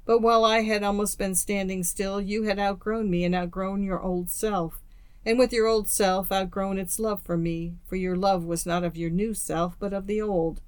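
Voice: mid-range voice, fairly even intonation, normal speed, smooth, no room sound, natural voice. A storyteller reading the lines of a young woman in a storybook, tearful and resigned, spoken mournfully. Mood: grave.

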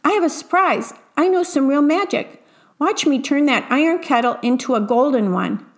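Woman doing a clumsy young apprentice guy, eager and pleading, kinda high. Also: animated, normal speed. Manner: eager, pleading, then tearful. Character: clumsy young man disguised as a girl.

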